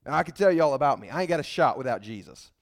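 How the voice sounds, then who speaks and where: Animated high-pitched male preacher. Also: very fast. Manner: animated and emphatic, swings between loud outbursts and low asides; casual folksy phrasing with many restarts. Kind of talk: sermon.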